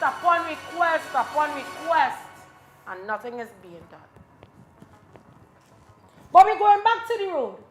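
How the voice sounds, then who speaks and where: A Trinidadian woman speaking up for her community, insistent and pleading in strong local dialect. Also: extremely high pitch. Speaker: community advocate. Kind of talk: passionate street talk.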